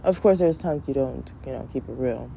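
A woman in her thirties riffs in a loose, comic monologue, blunt and full of swearing, now and then squeaking out her kids' voices. Her tone sits low and dark. The sound is dull and lo-fi, with a faint hiss of noise underneath. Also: normal speed, vocal fry. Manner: blunt, profane, mimics her kids in high voices. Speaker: podcast host. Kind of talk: casual comedic monologue.

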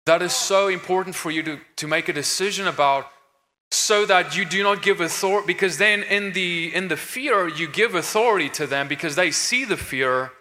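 A man's voice: high voice, moderate pace, pushed and bright. A man speaking on a conference stage, earnest and emphatic, talking in a preaching tone with frequent restarts. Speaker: conference speaker on deliverance ministry. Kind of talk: stage discussion. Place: conference stage in a large hall. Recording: reverberant hall.

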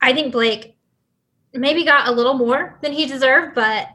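A woman's voice: high voice, measured pace, pushed and bright. A young woman guesting on a podcast in casual chat, opinionated and emphatic.

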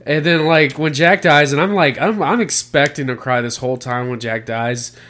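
A man's voice: fairly high pitch, normal speed, fairly bright tone. A man hosting a podcast in loose casual chat, joking and swearing freely with friends. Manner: loose, profane, laughing banter.

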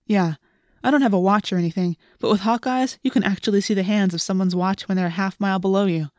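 A woman's voice: medium pitch, quick pace, a little mellow, no room sound, clean studio sound, close to an everyday voice. A woman voicing an earnest teenage boy who talks eagerly about flying, read as part of an audiobook. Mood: excited. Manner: enthusiastic, earnest. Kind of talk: audiobook reading.

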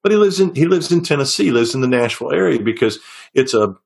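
A middle-aged man speaks in a relaxed, conversational way. His pitch sits right at the middle for a man. He rambles through stories, restarting his sentences and filling pauses as he goes. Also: gravelly. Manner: rambling storyteller with frequent restarts. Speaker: singer-songwriter guest. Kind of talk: casual interview talk.

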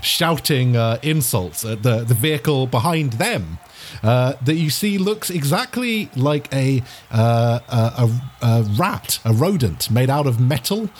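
Guy running a tabletop game, lots of uhs and likes, bouncy lively voice, bit of background hiss. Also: mid-range voice, measured pace. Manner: rambling, many fillers, laughs often. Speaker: game master. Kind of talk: improvised tabletop narration.

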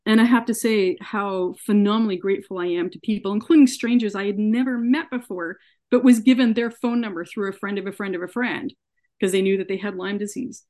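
A woman's voice: mid-range voice, fairly even intonation, fairly quick, a little mellow. Earnest woman telling her story. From Canada. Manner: earnest, recounts events by acting out quoted dialogue. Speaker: podcast guest. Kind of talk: personal story told in an interview.

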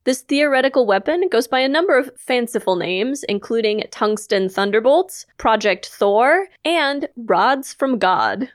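A woman's voice: a little high, animated, a little slow, few pauses, no echo, studio quality. A woman co-hosting a podcast, casually explaining her research with light humor. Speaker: podcast co-host. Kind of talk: casual chat presenting research.

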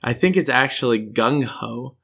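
A man's voice: medium pitch, animated, moderate pace, vocal fry, a bit bright, slightly rough. A man with an American accent, co-hosting a podcast in casual, playful chat and telling rambling stories. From United States. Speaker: podcast co-host.

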